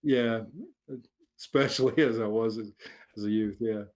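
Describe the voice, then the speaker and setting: A middle-aged man, an author answering interview questions in a relaxed way, chuckling often and restarting his sentences as he rambles. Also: lowish voice, normal speed, a crowd in the background. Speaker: author guest. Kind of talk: casual interview chat.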